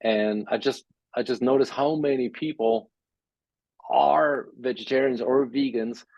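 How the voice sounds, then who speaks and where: A male musician guest from Germany in a casual interview, speaking haltingly and repeating words while he thinks. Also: medium pitch, fairly even intonation, vocal fry, no echo. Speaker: bass guitarist guest. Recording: dull, muffled sound.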